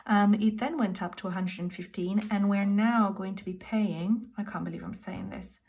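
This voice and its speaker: A woman in her thirties from the UK talks her viewers through her monthly bills at home, calling them "guys" in a relaxed, chatty way. She keeps her voice hushed, close to a whisper, so her sleeping daughter isn't woken. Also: medium pitch, moderate pace. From United Kingdom. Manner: speaks softly, half-whispering so a child can sleep. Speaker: budgeting vlogger. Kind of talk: casual monthly budget walkthrough.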